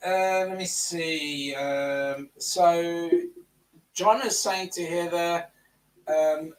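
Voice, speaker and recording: A man's voice: fairly high pitch, steady tone, very slow, distant mic, low-quality recording. Chatty man, South African-tinged accent. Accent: South African-tinged Australian. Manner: chatty, reads out viewer comments. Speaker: co-host. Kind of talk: live-stream chat.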